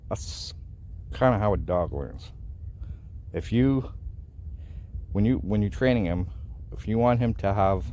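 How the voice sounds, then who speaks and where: Deep-voiced man explaining dog training casually. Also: mellow. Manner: folksy, repeats himself, asks "right?". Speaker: dog owner teaching training. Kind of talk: casual instructional vlog.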